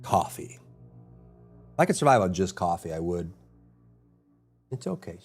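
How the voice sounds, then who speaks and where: Lively rambling male streamer. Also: deep voice, unhurried, breathy edge, soft background music. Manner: rambling, hums and mutters to himself between thoughts. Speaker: full-time streamer. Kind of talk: casual live-stream chat with viewers.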